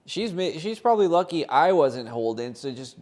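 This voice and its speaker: Casual co-host, a man with a fairly high voice, swearing as he rambles through a story. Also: very animated, moderate pace, a little mellow. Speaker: podcast co-host. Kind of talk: casual chat.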